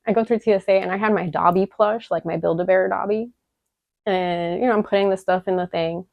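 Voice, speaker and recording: A woman's voice: medium pitch, fairly even intonation, a little fast, creaky, no echo. A young woman from Chicago telling her story in a candid vlog, emotional and profane, rambling with lots of fillers. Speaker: vlogger. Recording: dull lo-fi dry audio.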